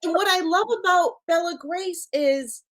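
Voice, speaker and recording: A woman hosting a casual chat, expressive and quick to chime in with her own experience. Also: very high-pitched. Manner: expressive, chatty, quick agreeing. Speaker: host.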